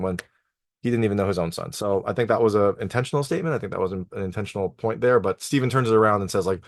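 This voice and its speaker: Low-voiced man recapping a TV episode. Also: fast talker, no echo, studio quality. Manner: conversational, lots of "like" and "you know" fillers. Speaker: TV review host.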